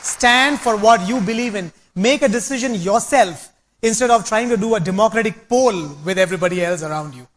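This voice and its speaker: A man's voice: high-pitched, brisk, a little hiss or hum. A man giving a rousing, preachy motivational talk, telling anecdotes to an audience. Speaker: speaker at a business meeting.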